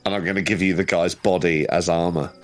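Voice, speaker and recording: Deep-voiced male game master, casual and halting, over faint music. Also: steady tone. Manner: casual, hesitant, many restarts and fillers. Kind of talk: narrating a tabletop horror game.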